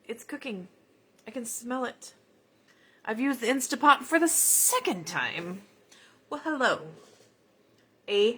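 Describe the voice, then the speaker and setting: A woman's voice: on the high side, sing-song, unhurried, long pauses, bright, forceful tone, slightly rough. A woman with a Southern US accent, chatting in a folksy way as she demonstrates card-making live. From United States. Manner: chatty, folksy, talks while working. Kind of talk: casual live crafting chat.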